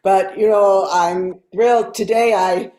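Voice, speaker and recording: Woman in her dance studio, warm soft voice, room echo. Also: mid-range voice, steady tone, measured pace. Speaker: dancer guest. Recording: echoey dance studio on video call.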